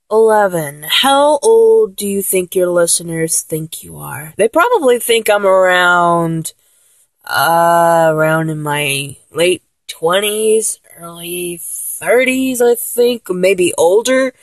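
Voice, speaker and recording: A 24-year-old solo vlogger with a mature-sounding, lowish voice works through a questionnaire in casual chat, rambling, giggling and cracking jokes. She speaks slowly, and the recording is dry.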